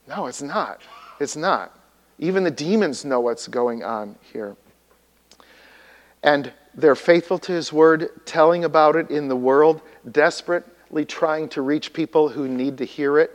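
A man's voice: a little high, measured pace. Preacher man in a reverberant hall. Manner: teacherly, asks the congregation questions. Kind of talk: sermon.

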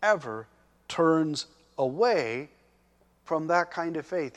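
Male preacher, fairly high voice, deliberate slow delivery, emphatic sermon. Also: lively intonation. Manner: slow, emphatic preaching that swells loud when voicing the characters' pleas. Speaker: pastor.

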